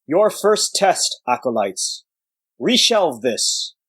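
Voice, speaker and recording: A man voicing a century-old giant warrior monk elder, sad and gruff, speaking slowly and weightily. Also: fairly high pitch, very animated, a bit bright, dry recording, pitched above the performer's own voice, full character voice. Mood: solemn. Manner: slow, weighty, sorrowful delivery.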